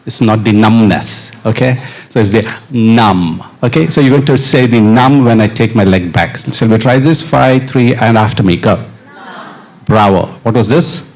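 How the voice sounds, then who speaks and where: A middle-aged percussionist on stage with a mic, playfully coaching an audience to chant rhythm syllables. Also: male voice, mid-range voice, moderate pace, few pauses. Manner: playful, encouraging, laughs often. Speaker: percussionist leading an audience exercise. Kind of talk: live stage talk with audience participation. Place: stage of a live dance performance.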